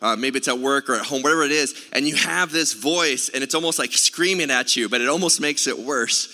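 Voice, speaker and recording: Bright-voiced male pastor in a reverberant hall. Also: mid-range voice, a little fast. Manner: conversational storytelling, many filler sounds. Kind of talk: sermon. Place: church sanctuary.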